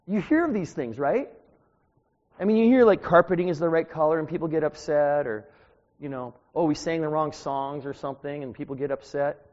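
A man delivering an informal sermon as a preacher, talking in a conversational, anecdotal way that grows louder when he gets animated. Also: a little high, brisk. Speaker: street preacher. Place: church. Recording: dull lo-fi sound.

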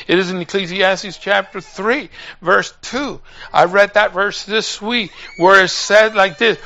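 A man's voice: high voice, unhurried, gravelly, hardly any pauses, pushed and bright. A man preaching a sermon, telling a story with emotion and hammering points home through repetition.

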